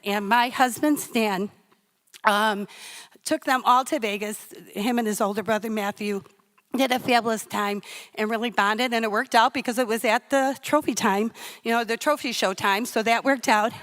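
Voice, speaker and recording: A woman's voice: a little high, fairly bright tone. A middle-aged woman telling a personal story on stage in a chatty, comic, self-deprecating way.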